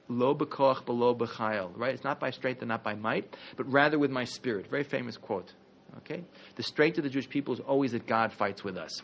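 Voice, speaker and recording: Male lecturer, energetic storyteller with jokes, lo-fi classroom recording. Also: medium pitch, gravelly, slight background noise. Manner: animated, conversational, jokey asides. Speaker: rabbi teaching a history class.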